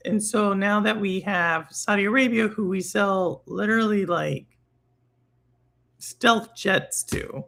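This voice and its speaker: A podcast host in casual chat who talks in an animated way, thinking aloud and restarting sentences. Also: mid-range voice, measured pace.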